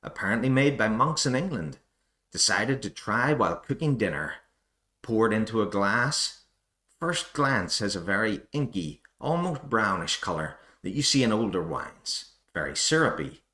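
A man's voice: fairly low pitch, very animated, moderate pace, bright, forceful tone. A man doing a clumsy put-on North American accent, playing a fussy male wine connoisseur who reads out tasting notes in short, clipped phrases. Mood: sniffy, deadpan. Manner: dry tasting-note delivery in clipped phrases. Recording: roomy echo.

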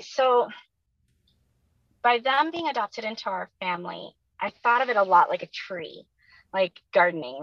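A woman's voice: medium pitch, creaky, fairly bright tone, dry recording, dull audio. A woman talking as an interview guest, thoughtful and searching for her words. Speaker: interview guest, adoptive mother. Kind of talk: casual interview chat.

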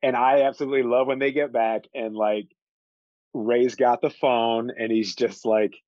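A man's voice: medium pitch, fairly even intonation, normal speed, a little mellow, no echo. Laughing, enthusiastic man on a dull mic. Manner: enthusiastic, laughing often, acting out movie lines. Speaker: podcast co-host discussing a film. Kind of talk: casual film discussion.

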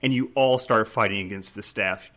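A man co-hosting a casual gaming podcast retells a game scene, restarting often and acting out the game's prompts as animated quotes. His voice is on the low side at a normal speed, and he's choked up with laughter.

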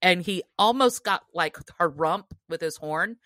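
Bright, animated woman telling a story. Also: on the low side, a little slow, dry recording. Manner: animated, laughs often while telling. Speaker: podcast guest. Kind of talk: casual storytelling.

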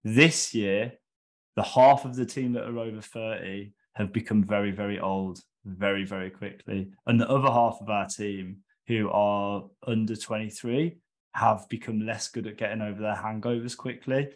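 A man on a podcast telling a comic football story, lively, with loud high-pitched bursts when quoting others. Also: normal speed. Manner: animated, shouts quoted lines in a high voice. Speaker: guest storyteller.

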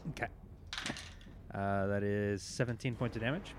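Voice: sits low, normal speed. A player in a tabletop game, reading out attack rolls and damage with laughter. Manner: animated, laughing dice calls. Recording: background music.

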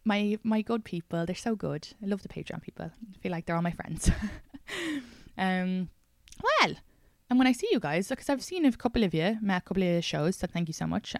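An Irish woman talks alone into a podcast microphone, rambling from one tangent to the next with plenty of swearing and jokes at her own expense. Her voice is lowish and smooth, close and dry with no room sound. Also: no echo. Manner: chatty, rambling, frequent swearing and self-deprecating asides. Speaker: podcast host and stand-up comedian. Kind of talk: casual solo podcast monologue. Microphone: studio podcast microphone.

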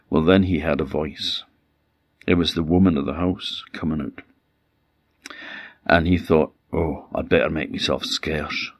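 Deep-voiced Orcadian storyteller, animated. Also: male voice, dry recording, studio quality. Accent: Orcadian Scottish. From Orkney, Scotland. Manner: animated, wry, conversational. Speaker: traditional storyteller. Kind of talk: oral folktale storytelling.

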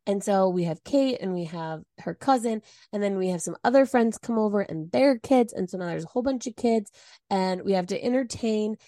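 A woman's voice: medium pitch, brisk, no room sound, clean studio sound. A woman co-hosting a podcast, telling a story in casual chat and acting out the quotes with big swings in her voice. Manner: animated storytelling, acts out quotes. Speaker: podcast co-host.

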